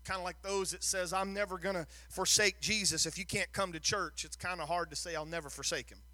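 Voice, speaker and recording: A man's voice: sits high, fairly even intonation, fairly quick, sharp tone, no echo. A man preaching a sermon, telling the story with drama and rising to a sing-song, emphatic delivery, often repeating words as he builds. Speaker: pastor.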